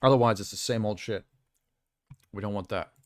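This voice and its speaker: A man's voice: on the low side, a little fast, no room sound. Offhand male streamer, dry close sound. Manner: rambling, offhand, frequent fillers. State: talking around a sour lolly in his mouth. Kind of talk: casual reaction chat.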